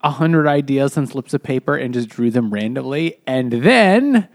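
A man on a comedy podcast, musing haltingly with plenty of fillers. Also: medium pitch, expressive, no room sound, studio quality. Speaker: podcast co-host. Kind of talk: casual comedic chat.

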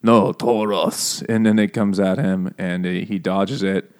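Male co-host, lowish voice, crude joking banter. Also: flat delivery, darkish tone. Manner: joking, profane, quick to laugh. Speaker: podcast co-host. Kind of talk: casual book-discussion banter.

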